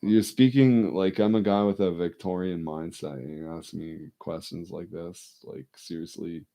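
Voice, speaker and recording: A man's voice: low-pitched, steady tone, moderate pace, dark tone. A man rambling in casual chat, often repeating himself and swearing freely. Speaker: casual talker.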